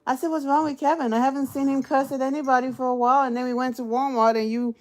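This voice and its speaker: A woman's voice: high-pitched, little pitch movement, fast. A woman hosting a livestream, telling a story casually, laughing often and swearing freely. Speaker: livestream host.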